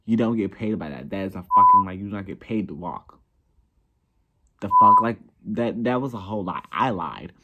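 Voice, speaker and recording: Young male vlogger, deep register, blunt and profane, self-deprecating. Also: wildly swooping pitch, moderate pace, narrow, tinny audio, noisy background. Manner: profane, blunt, laughing at himself. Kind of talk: casual ranting commentary.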